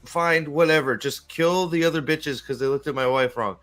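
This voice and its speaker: A man's voice: fairly high pitch, normal speed, fairly bright tone, faint music behind, lightly acted. A man doing a dismissive green-haired Jedi woman. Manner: offhand, profane.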